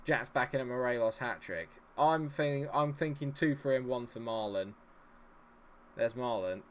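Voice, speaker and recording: A man's voice: mid-range voice, moderate pace. Guy commentating his own game stream, fed up, swearing at the screen, faint hiss behind. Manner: exasperated, swearing, talks at the players on screen.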